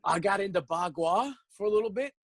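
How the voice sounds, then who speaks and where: A young male actor tells long stories in a casual interview, animatedly acting out what people said and laughing often. His voice is high-pitched and brisk, with no echo.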